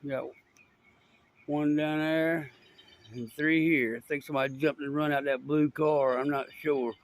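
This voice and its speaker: A man's voice: a little high, fairly even intonation, unhurried. A man giving casual, amused running commentary outdoors by a roadside, filming on a phone. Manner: drawling, amused, chatty asides. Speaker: former police officer filming a police call. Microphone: phone camera.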